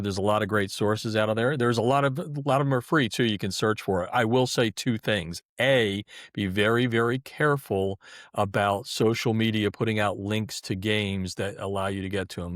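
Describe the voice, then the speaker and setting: A man's voice: on the low side, no room sound, studio quality. A middle-aged man talking as an interview guest, folksy and chatty, often restarting his sentences. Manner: talkative and folksy, with repeated restarts. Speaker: guest, sports website editor. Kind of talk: conversational interview.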